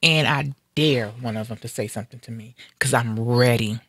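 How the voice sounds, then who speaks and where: Bright-voiced, angry woman ranting on radio. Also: extremely low pitch, moderate pace, slightly rough. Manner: angry, emphatic and defiant. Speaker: radio show host. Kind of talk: heated talk radio rant.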